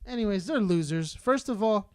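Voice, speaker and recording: A man's voice: high-pitched, lively intonation, normal speed, smooth. A man from Southern California co-hosting a podcast, ranting in a heated, rambling, profane way. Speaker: podcast co-host. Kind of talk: casual podcast rant.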